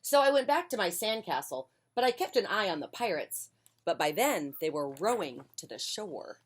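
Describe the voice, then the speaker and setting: A woman reading a children's picture book aloud on a porch, with a gentle, friendly delivery. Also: mid-range voice, sing-song, normal speed, slightly rough. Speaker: children's storyteller.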